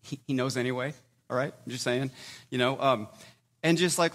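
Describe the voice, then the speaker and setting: A man preaching a sermon in a conversational way, with sudden loud emphatic bursts between quieter stretches. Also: mid-range voice, moderate pace. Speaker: pastor.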